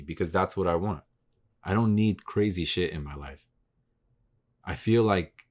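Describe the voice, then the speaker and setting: Deep-voiced profane podcast man. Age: 30s. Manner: profane, rambling, gets loud and animated when ranting. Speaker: podcast host. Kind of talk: casual solo podcast monologue.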